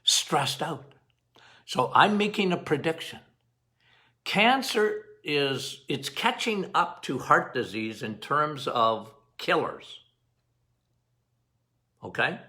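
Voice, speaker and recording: A middle-aged man, a doctor hosting a health podcast, talking straight to his listeners in an animated way, going off on tangents and repeating phrases for emphasis. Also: a little high, slow, long pauses. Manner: animated, talks straight to listeners, quotes patients in playful voices.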